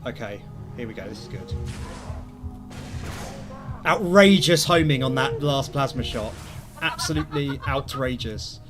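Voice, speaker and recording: A man's voice: medium pitch, expressive, measured pace, long pauses, over loud music. A young man chatting casually and rambling as he streams a video game, poking fun at himself. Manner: chatty, rambling, self-deprecating. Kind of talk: casual gameplay commentary.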